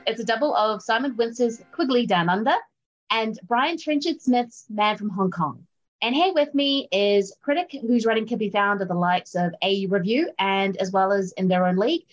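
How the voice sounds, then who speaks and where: A woman hosts a casual film podcast, chatty and upbeat. Her voice sits in an ordinary middle pitch, and her talk is dotted with fillers and little laughs. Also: moderate pace, lo-fi sound, soft background music. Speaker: podcast host.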